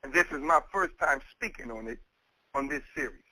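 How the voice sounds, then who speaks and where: A man's voice: medium pitch, expressive, fairly quick, bright, forceful tone, no echo, rough recording. A man preaching a sermon with an emphatic, repetitive cadence. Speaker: minister.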